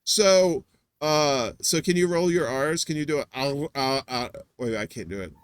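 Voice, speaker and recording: A man co-hosting a casual podcast chat, rambling and joking, jumping into high squeals for emphasis. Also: normal speed, smooth. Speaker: podcast co-host.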